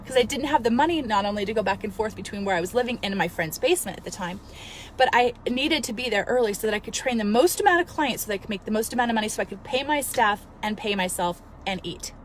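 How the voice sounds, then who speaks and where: A woman in her thirties, a fitness coach, telling a story in an earnest, emotional, animated way and giving motivational advice. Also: mid-range voice, quick pace, a little hiss or hum. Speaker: fitness coach and studio owner. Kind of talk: casual motivational vlog.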